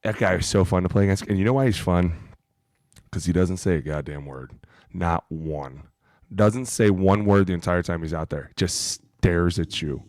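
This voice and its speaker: A man with a lowish voice co-hosts a podcast in a loose, profane storytelling style. He acts out other people's lines as he goes, and his voice sits dry and close with no room around it. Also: normal speed, darkish tone, no echo. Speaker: podcast co-host. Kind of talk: casual storytelling chat.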